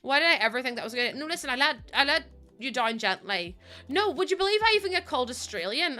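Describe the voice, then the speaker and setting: Bright, giggly Northern Irish woman. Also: high voice, big pitch swings, fast, soft background music. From Northern Ireland. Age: 20s. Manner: chatty, giggly, answers chat. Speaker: streamer. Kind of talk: casual live-stream chat while gaming.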